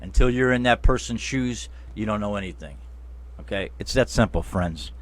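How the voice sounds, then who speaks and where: A man's voice: fairly low pitch, moderate pace, no room sound. A man hosting a casual interview, talking emphatically and turning to the listeners as friends and folks. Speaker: interview show host.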